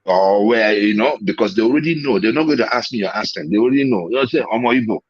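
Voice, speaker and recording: On a muffled line, a man with a Nigerian accent calls into a talk show for a heated debate. His fairly low, slightly rough voice is fast and expressive as he presses his point emphatically, repeating himself and restarting sentences.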